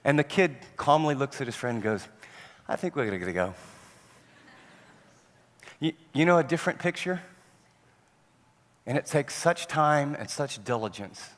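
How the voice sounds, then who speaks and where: A man preaching a sermon on parenting, telling stories and acting out parents and children in an animated way. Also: on the high side, moderate pace. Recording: long hall reverb.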